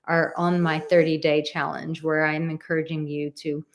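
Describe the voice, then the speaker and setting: Lower-pitched woman hosting a live advice chat. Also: little pitch movement, moderate pace. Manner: reads viewer comments aloud and answers them; encouraging, direct, repeats words for emphasis. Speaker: advice show host.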